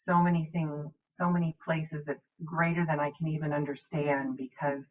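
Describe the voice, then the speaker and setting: A middle-aged woman minister and medium telling a reflective spiritual story. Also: low-pitched. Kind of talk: spiritual talk. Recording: dull distant mic.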